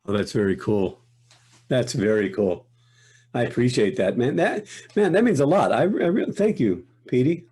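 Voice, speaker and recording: An older man talks as a guest in a relaxed interview, his voice mellow and a little husky. He reflects unhurriedly on his work, often breaking off mid-thought and starting again. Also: medium pitch, normal speed. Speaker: guest voice actor. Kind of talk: casual interview chat.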